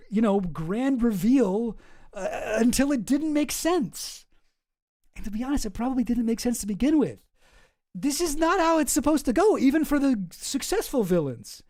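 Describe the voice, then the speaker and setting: Drama channel host rambling, swears a lot, gravelly fry in the voice. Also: mid-range voice, a little mellow. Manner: rambling, profane, sarcastic. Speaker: commentary host. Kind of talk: casual commentary.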